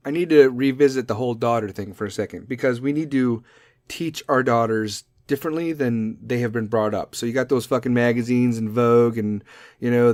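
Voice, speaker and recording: A podcast host delivers a profane comedic rant, drifting onto tangents and mimicking kids in high, squeaky voices. The sound is dry and close.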